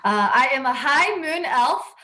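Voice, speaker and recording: A woman in her twenties introduces herself as a player in casual chat. She jokes at her own expense and keeps her voice on the high side. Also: expressive, a little slow, bright, forceful tone. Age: 20s. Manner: chatty, self-deprecating and joking. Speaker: player and cooking streamer.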